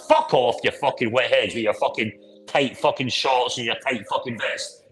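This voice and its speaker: A man's voice: medium pitch, moderate pace, fairly bright tone, soft background music, rough recording. A man hosting a casual drinking chat, boisterous and rambling with heavy swearing. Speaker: podcast host.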